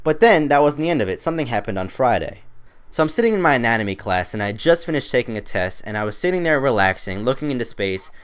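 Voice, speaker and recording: Fast-talking teenage boy telling a story. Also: mid-range voice, big pitch swings, smooth. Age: teens. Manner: rambling, self-mocking, chatty. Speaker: gaming commentator. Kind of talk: casual gameplay commentary storytelling.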